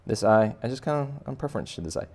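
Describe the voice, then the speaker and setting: A man with a deep, gravelly voice leads a relaxed drawing lesson for kids. He talks the viewer through each step and tosses in playful jokes as he draws. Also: rapid-fire. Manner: chatty, joking asides while sketching. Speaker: art teacher. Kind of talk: casual drawing tutorial for kids.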